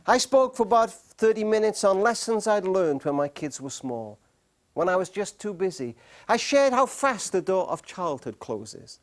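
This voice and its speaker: A middle-aged man with a notably high voice tells stories to a live audience. He speaks earnestly and slows down on key words, leaving pauses for weight. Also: big pitch swings. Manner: earnest, with slow emphatic pauses. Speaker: speaker on marriage. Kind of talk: storytelling talk to a live audience.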